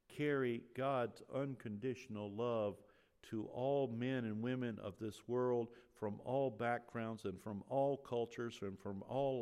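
A middle-aged man preaching a sermon in a church, his voice climbing and growing loud on key points, with many restarts and fillers. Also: mid-range voice. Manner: animated, rising loud on emphasis, restarts and fillers.

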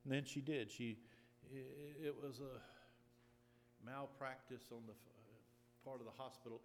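Pastor, male, mid-pitched, earnest storytelling sermon, big hall reverb. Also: fairly even intonation, slight background noise. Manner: earnest, deliberate preaching with repetition. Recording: long reverb of a large hall.

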